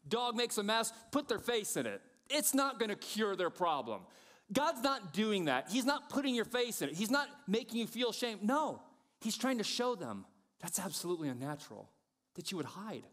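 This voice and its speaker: A middle-aged man preaching a sermon, animated and self-mocking, acting out the voices he quotes. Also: high-pitched, moderate pace. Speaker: pastor.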